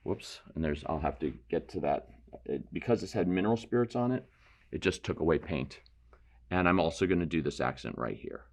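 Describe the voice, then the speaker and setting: Painting instructor, man, deep voice, relaxed explanatory studio demo. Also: a little fast. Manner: relaxed, explanatory, thinks aloud while painting, self-deprecating asides. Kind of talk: painting demonstration.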